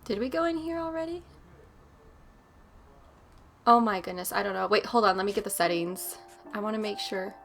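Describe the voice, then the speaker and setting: A woman's voice: mid-range voice, normal speed, gravelly, pauses often, a bit bright, soft background music. A woman hosting a horror game let's play, chatty and nervous, talking to herself as she explores. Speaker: gaming channel host.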